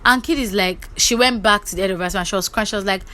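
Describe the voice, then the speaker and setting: A young Nigerian woman with a Nigerian English accent, recapping reality-show gossip for her vlog in a lively, chatty way. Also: medium pitch, quick pace, few pauses. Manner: lively, acts out the quotes, chatty asides. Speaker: gossip vlogger.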